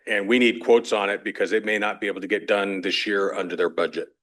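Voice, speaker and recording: A man's voice: fairly low pitch, little pitch movement, quick pace, a bit bright. A man reporting to a council on projects and budgets in a plain, businesslike way with some fillers. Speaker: staff member reporting on projects. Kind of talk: meeting report.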